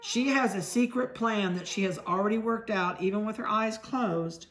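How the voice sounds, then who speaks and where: A middle-aged woman from Ohio, a dog breeder, chatting casually as she handles puppies and talks softly to them. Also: medium pitch, moderate pace.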